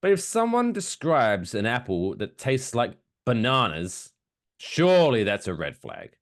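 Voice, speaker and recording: Speaking at a measured pace in a medium pitch that swings wildly, he co-hosts a casual podcast. Expect sarcastic jokes about current events, free swearing, and silly impressions.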